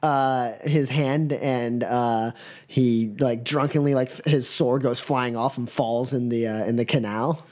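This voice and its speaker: A man's voice: medium pitch, steady tone, unhurried, a little mellow. A man narrating as game master in a tabletop game, rambling with many fillers.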